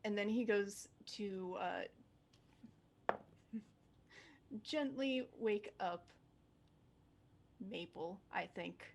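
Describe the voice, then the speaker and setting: A woman's voice: mid-range voice, very slow, gravelly, pauses often, slight background noise. A woman playing a tabletop game on a livestream, describing her character casually with laughing asides. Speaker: player.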